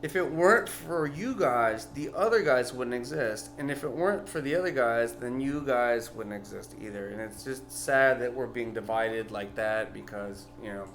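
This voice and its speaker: A tipsy man delivering a rambling, profane vlog rant that bursts into yelling. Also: mid-range voice, lively intonation, moderate pace, few pauses. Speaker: vlogger. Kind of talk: ranting vlog monologue.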